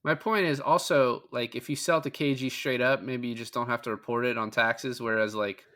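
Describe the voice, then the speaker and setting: A man's voice: mid-range voice, fairly even intonation, normal speed, sharp tone. A man co-hosting a podcast, recapping a film scene by scene in loose, profane, casual chat. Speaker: podcast co-host.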